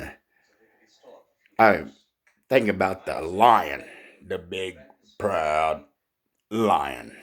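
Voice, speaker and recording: A man doing stand-up comedy, halting, with fillers, laughing at his own jokes. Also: a bass voice.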